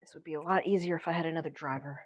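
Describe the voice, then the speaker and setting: A woman's voice: deep voice, fairly even intonation, racing. A woman playing in a tabletop role-playing game, asking practical questions about the plan. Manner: inquisitive, asks planning questions. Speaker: player. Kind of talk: tabletop role-play chat.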